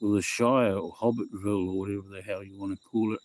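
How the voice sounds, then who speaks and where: A middle-aged New Zealander livestreams from his phone in a slightly mellow, lowish, steady voice at a quick pace. He rambles through casual chat with viewers, reads their comments aloud, repeats himself, and drops "bro" and "eh."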